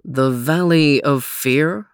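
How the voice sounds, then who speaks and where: A woman voicing a large, deliberate male dog who makes slow pronouncements in a storybook. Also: low-pitched, dry recording, clean studio sound, voice pushed down. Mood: thoughtful.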